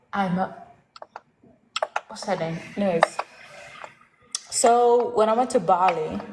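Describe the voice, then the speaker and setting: A woman hosting a casual chat, telling a story in an animated way and acting out the other people in it. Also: mid-range voice, echoey room, noisy background. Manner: animated, laughs at herself, acts out quoted voices. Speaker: host.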